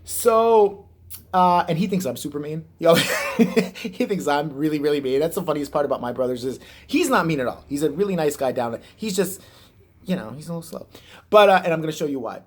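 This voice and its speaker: A man's voice: on the high side, animated, a little fast. A man from Chicago ranting casually to camera in a profane, sarcastic, rambling way. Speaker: vlogger. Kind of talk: casual vlog rant.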